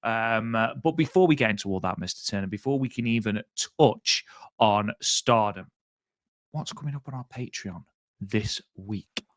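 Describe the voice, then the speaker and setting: A man's voice: lowish voice, expressive, normal speed, no echo. A man co-hosting a podcast over a remote link, chatting casually in a rambling, self-deprecating way full of ums. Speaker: podcast co-host.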